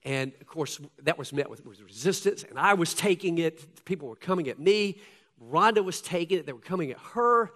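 A man preaching a sermon to his congregation, reading scripture aloud and swinging between loud, emphatic lines and hushed ones. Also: on the high side, lively intonation, a little fast. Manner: addresses congregation directly as folks. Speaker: pastor. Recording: long hall reverb.

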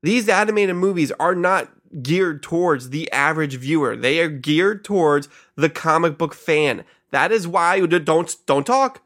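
A man's voice: on the high side, expressive, unhurried, hardly any pauses, fairly bright tone. A man co-hosting a podcast, debating bluntly and emphatically. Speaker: podcast co-host. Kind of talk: casual podcast banter.

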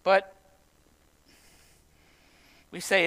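A pastor with a notably high voice for a man, preaching in a relaxed, talky way. He jokes now and then and puts questions straight to the congregation. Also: measured pace, long pauses. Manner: conversational, humorous preaching with direct questions to the congregation. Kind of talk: sermon.

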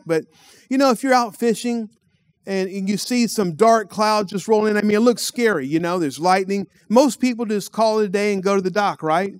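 A man's voice: sits high, clean tone, dry recording. A middle-aged man with a Texan accent telling a folksy, rambling story in a sermon, often repeating his words. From Texas. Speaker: pastor.

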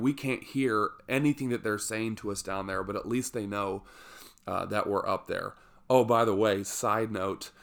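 A man telling a personal story with humor, lively and self-mocking, with jokey asides. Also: on the low side.

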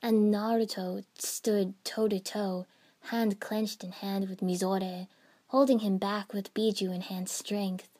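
A woman narrating a first-person fan fiction story in an even storytelling manner. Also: medium pitch, takes it slowly.

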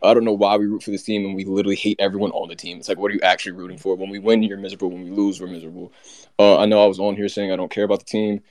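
A man co-hosting, delivering a rapid, heated, run-on sports rant. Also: low voice, flat delivery, darkish tone, dry recording. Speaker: co-host.

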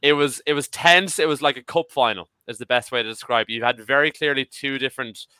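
A man of about thirty chatting as a podcast panelist, excitable and swearing casually. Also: medium pitch, fast talker, clean tone, no echo. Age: 30s. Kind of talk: casual chat.

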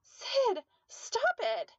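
A woman voicing a frightened pregnant young woman with magic powers, pleading in a high, strained voice. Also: lively intonation, normal speed, a bit bright, dry recording, muffled recording.

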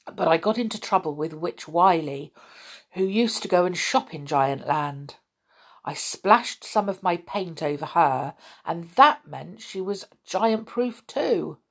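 Grumbling goblin painter, male, slow storybook delivery; a woman reads him. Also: lowish voice, lively intonation, full character voice. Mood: grumbly.

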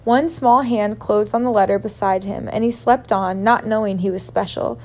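A woman reading a children's novel aloud in a relaxed way, laughing at her own slips. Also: mid-range voice, moderate pace. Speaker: reader.

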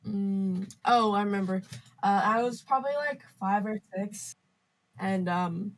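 A woman's voice: medium pitch, measured pace, poor audio. A teenage girl chatting casually on a school club podcast, playful and teasing, giggling easily. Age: teens. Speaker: anime club member.

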